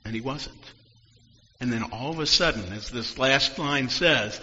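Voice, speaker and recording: A man's voice: mid-range voice, lively intonation, moderate pace, pushed and bright, slight background noise. A man preaching a sermon, telling stories reflectively and sometimes dropping almost to a whisper. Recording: dull sound in a long-reverb hall.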